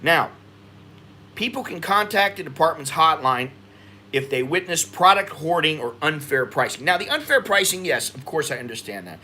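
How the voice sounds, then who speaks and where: An American man talks loosely to his livestream audience and vents his frustration. His voice is bright and forceful and sits a little high for a man, and it climbs further when he gets agitated. Faint background noise sits under the voice. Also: lively intonation, normal speed. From United States. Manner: frustrated venting, rising in pitch when agitated. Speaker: expat livestream host. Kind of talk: casual livestream commentary.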